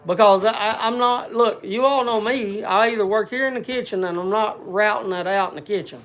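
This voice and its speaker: A man's voice: high-pitched, a little fast, fairly bright tone, slight background noise. A man hosting a casual livestream, rambling as he reads out viewer names with lots of "uh" fillers and chatting to the audience by name. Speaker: livestream host.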